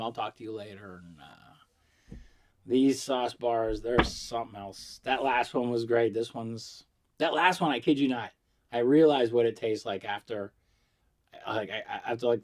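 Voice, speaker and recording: A man who is high, telling stories in a loose, rambling vlog monologue, swearing and giggling as he goes. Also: moderate pace. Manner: profane storytelling with acted quotes. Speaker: vlogger reviewing vapes.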